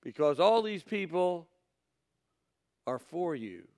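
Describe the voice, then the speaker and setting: A man's voice: on the high side, big pitch swings, takes it slowly, a little mellow. A man preaching a sermon, reading scripture aloud and then retelling it in blunt, folksy words.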